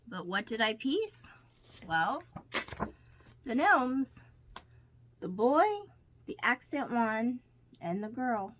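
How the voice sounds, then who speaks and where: A woman's voice: fairly high pitch, sing-song, takes it slowly, pauses often, a bit bright, a little hiss or hum. A woman casually narrating her week's quilting and sewing projects, walking through each piece step by step. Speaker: crafting vlogger. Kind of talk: casual show-and-tell narration.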